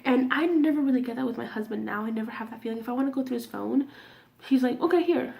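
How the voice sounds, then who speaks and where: Speaking fast in a slightly high, creaky voice, a twenties-aged vlogger candidly shares a personal story to camera. She curses freely and at times sinks nearly to a whisper, and the recording sounds muffled.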